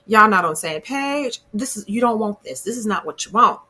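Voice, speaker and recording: A woman's voice: mid-range voice, lively intonation, brisk, bright, forceful tone. A woman hosting her own TV review channel, recapping an episode in a chatty, opinionated way and laughing at the drama. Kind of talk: casual episode recap and commentary.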